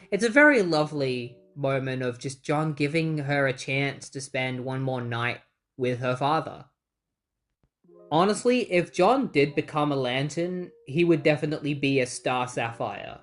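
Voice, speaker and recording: Chatty comic-recap narrator. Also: mid-range voice. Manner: chatty, exasperated asides. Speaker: comic book reviewer.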